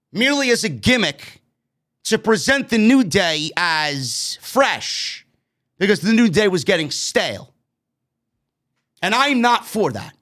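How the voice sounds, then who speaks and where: Exasperated and swearing, a New York-accented man rants through a blunt review of a wrestling show. His voice sits high with a bit of brightness.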